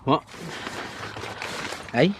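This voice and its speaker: A man's voice: drawn-out words, fairly bright tone, slight background noise. A man making a comic vlog at a campsite outdoors, wry and sarcastic, joking at his own expense. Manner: wry and sarcastic, laughs at himself. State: a bit out of breath. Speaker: vlogger. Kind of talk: self-deprecating comic vlog.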